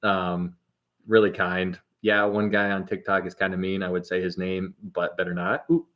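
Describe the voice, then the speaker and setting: A man's voice: deep voice, completely flat delivery, moderate pace, fairly bright tone. A man hosting a casual livestream and reading out viewer comments. He rambles, laughs often and trails off mid-sentence. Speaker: livestream host.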